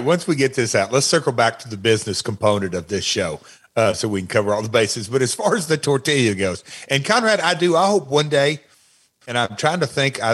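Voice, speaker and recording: A man's voice: mid-range voice, fairly bright tone. A man speaking as a podcast guest, telling stories in a rambling way with many repeats and restarts. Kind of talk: casual interview chat.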